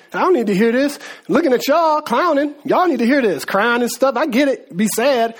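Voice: high voice, expressive, normal speed, hardly any pauses. Slangy, laughing preacher delivering a sermon. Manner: casual, slangy, repetitive, laughing asides.

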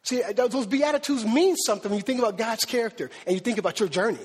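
A man preaching a sermon with animated, emphatic delivery, repeating words for stress. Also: high voice, fast talker, husky. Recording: long hall reverb.

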